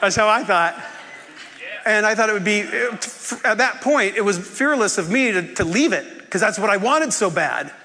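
A man telling a personal story in a sermon, animated and often laughing as he acts out the people in it. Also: sits high, normal speed, long reverb tail. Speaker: preacher.

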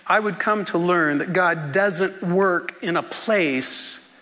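A man telling a personal story in a sermon, animated and often laughing as he acts out the people in it. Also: high-pitched, takes it slowly, long reverb tail. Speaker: preacher.

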